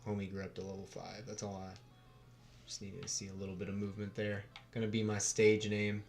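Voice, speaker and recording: A man's voice: fairly low pitch, monotone, brisk, vocal fry, a little mellow, faint music behind. A young man from the United States with a Western American accent, chatting casually and swearing while hosting a livestream. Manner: laid-back, swears casually, chuckles often. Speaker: livestream host.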